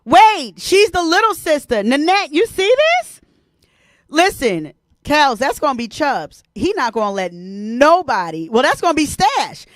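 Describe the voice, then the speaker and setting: A woman hosting a casual live stream, animated and laughing often, greeting viewers by name. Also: sits high, measured pace, no echo, clean studio sound. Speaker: host.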